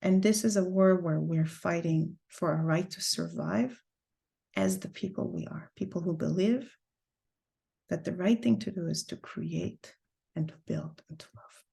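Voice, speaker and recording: A woman teaching an online class over a video call, telling a personal story earnestly and with deep feeling. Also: a little slow, vocal fry, dark tone. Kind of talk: heartfelt personal talk to a class.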